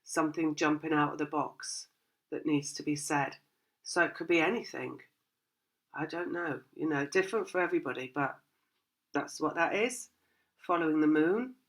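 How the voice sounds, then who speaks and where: Bright-voiced chatty woman tarot reader. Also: low voice. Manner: rambling, chatty, laughs often; acts out the thoughts of her listeners. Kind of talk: casual spoken tarot reading.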